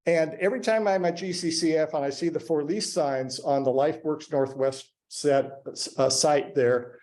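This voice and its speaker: A man giving halting public remarks to a school board, with many fillers and restarts. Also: fairly high pitch, fairly even intonation, a little mellow. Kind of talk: public comment at a board meeting. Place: public meeting room.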